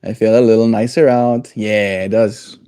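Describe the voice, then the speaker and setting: A man hosting a daily livestream, chatting in a relaxed, rambling way and chuckling to himself. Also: fairly low pitch, moderate pace, clear, resonant tone, no echo, clean studio sound. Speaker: livestream host. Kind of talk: casual chat.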